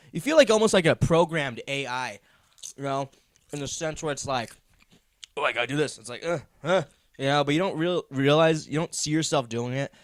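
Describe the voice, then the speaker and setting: A young man hosts a comedy podcast, delivering a rambling comedic monologue full of meandering, profane, self-deprecating rants. His voice is medium-pitched, and the studio sound is clean with no echo.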